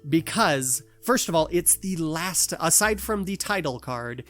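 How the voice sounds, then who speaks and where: A man co-hosting a casual podcast chat, animated and quick to slip into mock voices to make a point. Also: fairly high pitch, faint music behind. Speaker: podcast co-host.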